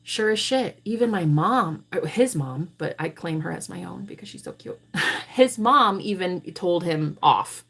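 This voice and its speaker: A woman's voice: fairly low pitch, measured pace, gravelly, husky. A woman hosting a live tarot stream, telling her viewers a story bluntly and with plenty of swearing. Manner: blunt, profane, animated storytelling. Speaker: tarot reader and livestream host. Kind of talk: livestream talk to viewers.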